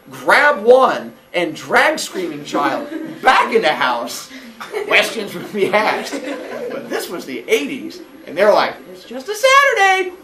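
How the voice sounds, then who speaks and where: A man in his forties telling a childhood story casually, animated and laughing often, acting out quotes in a high voice. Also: recorded from a distance. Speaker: podcast host.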